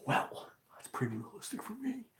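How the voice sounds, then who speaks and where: A man's voice: sits high, big pitch swings, moderate pace, a bit bright. This is a man streaming gameplay commentary, rambling and cracking crude jokes in an easy, casual way. His voice bounces around a reverberant room. A faint background hiss sits underneath. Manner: joking, profane, rambling. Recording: echoey room, faint noise.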